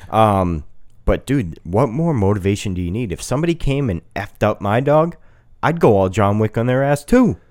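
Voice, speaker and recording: A laid-back man with a low voice, chiming in on a movie chat with casual swearing. His talk is loose and easygoing. The sound is dry and close. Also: sing-song, moderate pace, a little mellow, dry recording.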